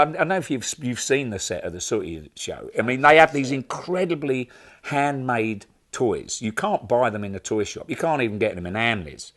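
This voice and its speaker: An older man telling an animated, laughing anecdote as an interview guest. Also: medium pitch, normal speed. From London. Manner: animated, laughing, acts out other people's voices. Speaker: interview guest, rock drummer. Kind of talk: anecdotal storytelling.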